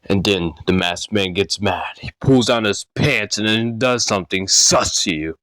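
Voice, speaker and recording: A young man improvising a silly creepypasta story, rambling and correcting himself with jokes, his voice slightly hoarse. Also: on the low side, unhurried, fairly bright tone, dry recording. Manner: rambling, self-correcting, jokey. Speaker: narrator.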